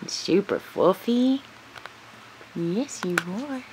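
A woman's voice: medium pitch, expressive, drawn-out words, noisy background. A woman cooing to her puppies in sing-song baby talk while filming them on a home video. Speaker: dog breeder filming puppies.

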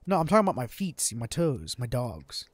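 A man's voice: mid-range voice, wildly swooping pitch, brisk, slightly rough. A young man bantering with friends on voice chat while streaming an online party game. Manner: joking, bantering, repeats himself.

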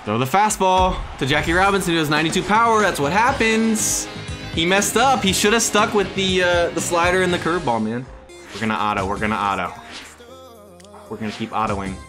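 A young man giving lively, excitable commentary on his own baseball video game, switching between hype shouts and muttered asides. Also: medium pitch. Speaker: gaming YouTuber. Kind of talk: excited live gameplay commentary. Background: background music.

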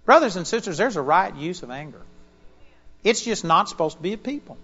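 High-voiced, animated male preacher. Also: a little fast. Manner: animated storytelling, emphatic. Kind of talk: sermon. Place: church auditorium during a live service. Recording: dull lo-fi sermon recording.

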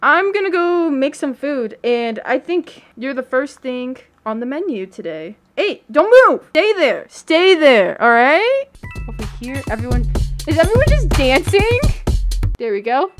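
Young woman gaming streamer, casual and excitable, high voice, very lively pitch, prone to shrieks. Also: a little slow, faint music behind. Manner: excitable, squeals and shrieks, giggly. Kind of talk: casual gaming livestream commentary.

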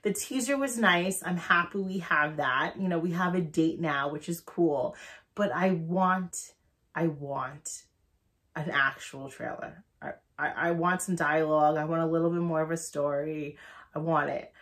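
A hoarse young woman who is a little sick, hosting a casual movie trailer reaction in an excitable, rambling way with many fillers. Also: sits low, moderate pace.

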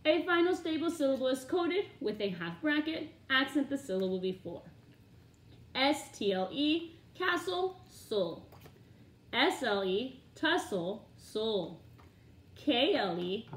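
A woman leading a phonics drill, naming each letter, a sample word and its sound with careful, deliberate enunciation. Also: high voice, expressive. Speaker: phonics teacher. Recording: echoey room.

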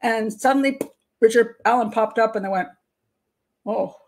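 A woman's voice: on the high side, fairly quick. An older woman hosting her channel, giving frank, opinionated commentary on a criminal investigation. She talks through restarts and laughs between points. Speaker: criminal profiler, channel host. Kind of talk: casual commentary monologue.

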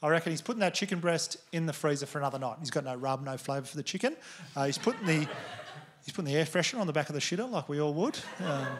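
An Australian man doing stand-up on a live stage, his voice sitting slightly high for a man. He tells crude stories in a loose, chatty way. The crowd's laughter and noise come through clearly around him. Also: lively intonation, rapid-fire. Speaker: stand-up comedian. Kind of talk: stand-up comedy set. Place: comedy venue stage. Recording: live venue with audience noise. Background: audience laughter.

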